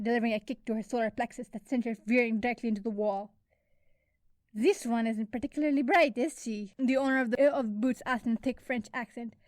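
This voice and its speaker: Young woman narrating her fanfic, fairly high voice, dry close mic, casual. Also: no room sound. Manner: casual storytelling with occasional slips. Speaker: fanfiction reader and writer. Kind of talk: reading her own fanfiction aloud.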